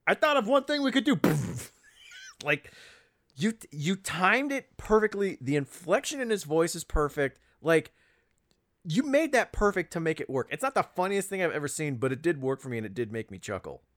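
A man's voice: on the high side, big pitch swings, normal speed, a bit bright. Man picking apart a film in casual chat. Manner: analytical, restarts sentences, quotes scenes. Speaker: podcast co-host.

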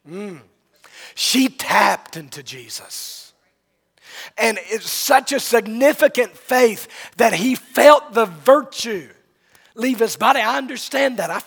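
A man's voice: very high-pitched, gravelly, fairly bright tone, slightly rough. A male preacher delivering a sermon, telling the story dramatically and rising and falling in volume.

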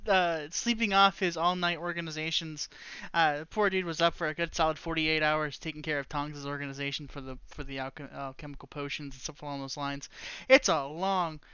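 A man's voice: on the high side, bright, forceful tone, clear, resonant tone, no echo, lo-fi sound. A man narrating as the game master of a tabletop game, rambling with lots of filler words.

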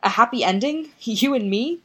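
A woman's voice: fairly high pitch, expressive, normal speed, breathy edge, voice pushed up. A woman voicing a guarded, sarcastic young man in an audiobook reading of a story. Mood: bitter. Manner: sarcastic, tense.

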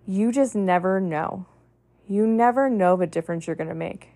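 With a warm, medium-pitched voice at a normal pace, a woman hosts a podcast and offers a heartfelt, earnest pep talk. She keeps listing things repetitively and says "like" frequently.

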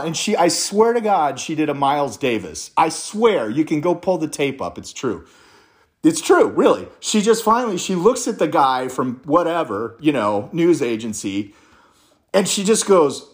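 Swearing freely, an American man spins an animated, profane story, dropping into mock quotes as he goes. His voice is fairly high and his pace moderate in this casual monologue.

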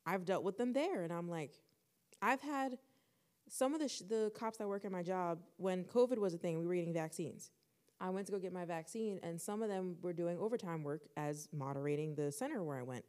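Lively young woman telling a story. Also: fairly low pitch, a little fast. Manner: animated, acts out quoted dialogue. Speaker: podcast co-host. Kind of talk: casual storytelling chat.

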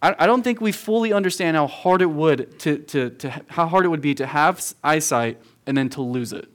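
A man's voice: a little high, a little fast. Earnest, emphatic youth pastor man. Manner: earnest and emphatic, repeats phrases for stress, addresses listeners as "guys". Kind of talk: verse-by-verse sermon to a youth group. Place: room with a youth audience.

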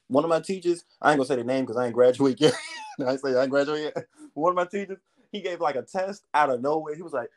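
A man's voice: mid-range voice, fast, a little mellow. A young man hosting a casual podcast, joking and trading slang-heavy banter with a friend. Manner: joking banter, lots of slang, bursts into laughter. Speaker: podcast host. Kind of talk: casual chat.

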